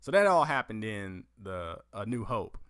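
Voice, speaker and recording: A man hosting a casual movie news podcast, profane and animated, acting out lines from films as he tells them. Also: fairly low pitch, normal speed, smooth, no echo, studio quality. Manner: profane, animated storytelling with acted-out quotes. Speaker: podcast host.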